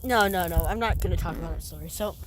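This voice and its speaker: A woman's voice: on the low side, quick pace. A teenage girl hosting a casual podcast with a friend, rambling with lots of restarts and giggles. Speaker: podcast host. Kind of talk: casual chat between friends. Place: outdoors. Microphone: phone. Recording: faint outdoor background noise.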